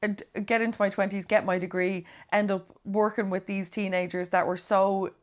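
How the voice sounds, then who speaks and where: A woman's voice: mid-range voice, level tone, moderate pace. A woman, hosting a podcast and chatting casually, self-mocking and full of fillers. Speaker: podcast host. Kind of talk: casual conversation.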